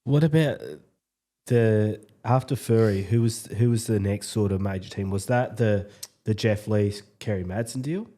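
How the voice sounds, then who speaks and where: Male host, low and mellow, short casual prompts. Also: normal speed. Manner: short prompts and backchannel replies. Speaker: podcast host. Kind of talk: casual interview questions.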